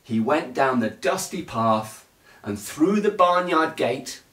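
A man reading a children's bedtime story aloud in a slow, gentle, lilting way. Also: a little high, lively intonation. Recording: echoey room.

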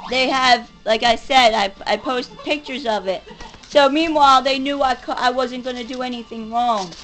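A woman's voice: a little high, moderate pace, fairly bright tone, soft background music, poor audio. A woman in her forties venting in an angry, rambling, profane monologue. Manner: furious, profane, rambling rant. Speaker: vlogger.

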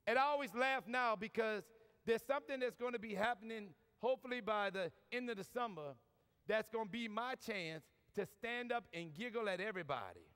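New orleans priest cracking jokes, super high smooth voice, big echoey hall sound. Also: male voice, lively intonation, a little fast, a bit bright. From New Orleans, USA. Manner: folksy, joking, lots of y'all. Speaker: Catholic priest giving a talk. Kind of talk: preaching talk with humor. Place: large convention hall. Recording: long reverb from a large hall.

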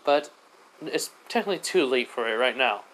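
Man doing a calm inner sage, matter-of-fact, informative, plain mid voice, fan storybook. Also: mid-range voice, moderate pace, close to an everyday voice, low-quality recording.

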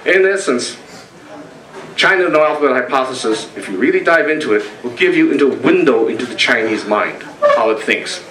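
A man's voice: mid-range voice, expressive, a bit bright. Distant-miked older man in an echoey room. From United States. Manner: storytelling, with quoted voices and pauses. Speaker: speaker presenting a talk. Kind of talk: lecture to a meeting.

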